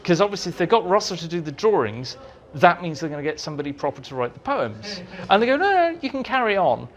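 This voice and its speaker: A man telling lively anecdotes as an interview guest, acting out the dialogue in his stories, in a meeting room with an audience. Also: fairly high pitch, quick pace. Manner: animated storyteller, acts out dialogue. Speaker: interviewee, writer.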